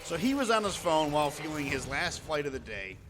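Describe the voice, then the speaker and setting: A man's voice: a little high, sing-song, brisk. A man streaming live, telling a story casually, chatty and swearing freely as he acts out what people said. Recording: long reverb, faint background noise.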